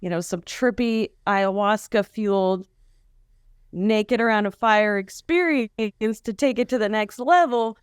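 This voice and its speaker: Calm woman with a smooth voice. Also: mid-range voice, a little slow, no room sound, clean studio sound. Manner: calm, gently evasive. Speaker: guest. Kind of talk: casual comedic chat.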